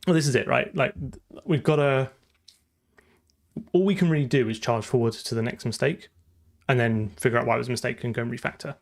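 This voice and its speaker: A man's voice: medium pitch, fairly quick, creaky, pauses often. A man with a southern English accent chatting casually as he codes on a live stream, thinking aloud and laughing now and then. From southern England. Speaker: programming streamer. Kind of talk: casual live-coding chat.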